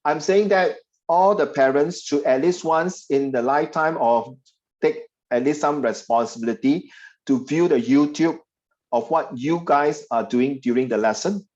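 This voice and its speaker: Singaporean male tutor, chatty teasing delivery, slightly high voice, lo-fi video call audio. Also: normal speed, a little mellow. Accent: Singaporean English. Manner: chatty, teasing, puts on voices of parents and students. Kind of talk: online class teaching.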